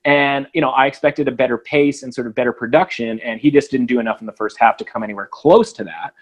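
A man co-hosting a casual sports betting podcast, talking fast and acting out quoted lines. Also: medium pitch, highs cut off. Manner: animated, acts out quoted voices. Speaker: podcast co-host.

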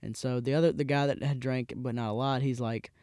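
A man in his twenties, a podcast host, telling a casual rambling story with frequent restarts and animated voices for the people in it. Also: medium pitch, brisk, no echo, clean studio sound. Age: 20s.

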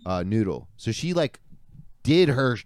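A man's voice: medium pitch, sing-song, measured pace, a little mellow. A man chatting casually as a podcast co-host, rambling through a story with lots of "dude" and "like" and casual swearing. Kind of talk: casual chat.

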